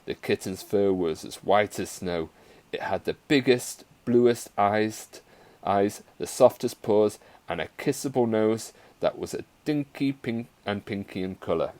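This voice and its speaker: A male teacher reading a story aloud to his class in a playful, expressive way. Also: lowish voice, measured pace.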